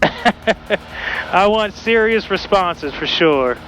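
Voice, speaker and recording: A man's voice: high-pitched, animated, very slow, a bit bright, soft background music, poor audio. Chatty man flying a small plane. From Pittsburgh, USA. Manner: chatty and upbeat, talking to viewers while flying. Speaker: student pilot vlogger. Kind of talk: casual cockpit narration. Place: small plane cockpit in flight.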